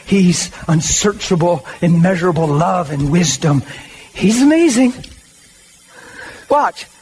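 High-voiced man preaching a plain-talking sermon. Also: slight background noise. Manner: conversational, emphatic preaching with rallying asides.

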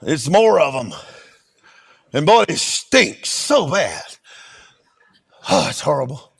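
A middle-aged man, a preacher telling a testimony in a sermon with animated, emphatic delivery. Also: on the high side, slow pace, vocal fry, slightly rough. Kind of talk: sermon storytelling.

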